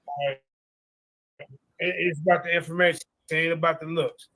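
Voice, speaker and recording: A man's voice: on the high side, little pitch movement, moderate pace, bright, forceful tone, low-quality recording. A man debating over a video call, reading scripture aloud with preachy emphasis.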